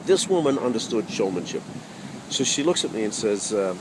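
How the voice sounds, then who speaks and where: A man's voice: fairly low pitch, very animated, moderate pace, noisy background. A man telling a humorous personal story with wry asides to the audience.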